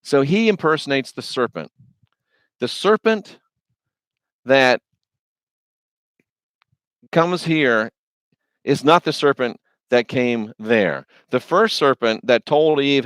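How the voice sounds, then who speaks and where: A man's voice: medium pitch, animated, slow pace, pauses often, fairly bright tone, clear, resonant tone, no echo. Folksy, emphatic man preaching. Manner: folksy, slangy, conversational; emphatic, repetitive. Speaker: religious video host. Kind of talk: informal preaching monologue.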